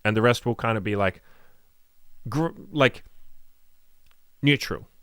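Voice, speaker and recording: A man's voice: mid-range voice, takes it slowly, a bit bright, clean tone, no echo, clean studio sound. A man coaching on dating in a casual monologue, blunt and profane, rambling with lots of "like" and speaking frankly. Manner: frank, matter-of-fact delivery.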